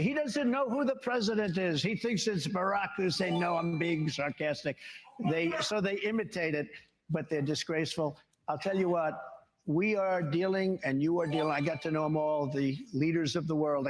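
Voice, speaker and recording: An older man in his seventies answers questions at a town hall, his voice a little higher than most men's. He rambles from one story to the next and boasts along the way. A long reverb from a large hall trails after his words. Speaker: interview guest.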